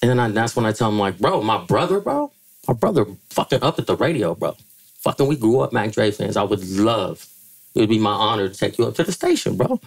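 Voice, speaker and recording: A middle-aged man from the Bay Area telling stories as a podcast guest, profane and animated, acting out quotes in a higher voice. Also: a little fast, vocal fry. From Bay Area, California. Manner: animated, profane, acts out quotes with jumps in pitch. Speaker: podcast guest, music manager. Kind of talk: casual storytelling interview.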